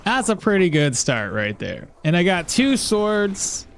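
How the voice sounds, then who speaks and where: A man's voice: sits high, sing-song, measured pace, a little hiss or hum. A man giving casual gameplay commentary, thinking aloud as he plays and laughing at chat messages. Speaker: gameplay streamer.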